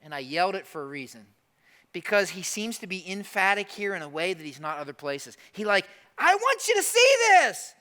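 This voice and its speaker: A man pastor preaching a sermon, animated and emphatic, sometimes dropping to slow quiet asides. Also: fairly high pitch. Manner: animated, acts out quoted prayers in a raised voice.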